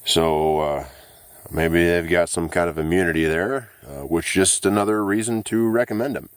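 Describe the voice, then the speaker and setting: Low-voiced man, relaxed garden vlog. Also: moderate pace, no echo. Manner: easygoing, frequent "uh" fillers. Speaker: gardening channel host. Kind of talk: casual garden walkthrough vlog. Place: outdoors in a vegetable garden. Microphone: handheld camera mic.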